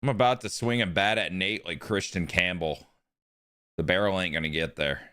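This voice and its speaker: A man's voice: low voice, normal speed, sharp tone, smooth, dry recording, clean studio sound. A man streaming a video game, chatting casually and joking with his chat. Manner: joking banter with chat, running bits.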